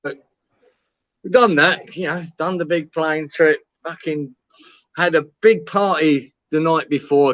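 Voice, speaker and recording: A man spins an animated, swearing-heavy anecdote, laughing as he goes. His voice sits a little high. The recording is dry and dull, like lo-fi live stream audio. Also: no room sound. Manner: animated, swearing, laughing storyteller, acts out quoted lines. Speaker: co-host telling a story. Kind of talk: casual storytelling chat.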